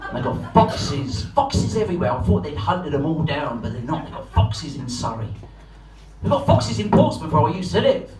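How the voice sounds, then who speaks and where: A man's voice: fairly high pitch, big pitch swings, normal speed, a crowd in the background. A man in his forties from England doing a profane, rambling, self-mocking stand-up set. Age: 40s. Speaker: stand-up comedian. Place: comedy club stage before a live audience. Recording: roomy live hall from far off, music behind.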